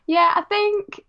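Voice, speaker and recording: A woman's voice: very high-pitched, gravelly, sharp tone, dull audio. A Polish-born woman who speaks with an English accent, a guest on a podcast interview, talking reflectively with many small fillers. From Poland. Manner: reflective, with frequent "kind of" and "um".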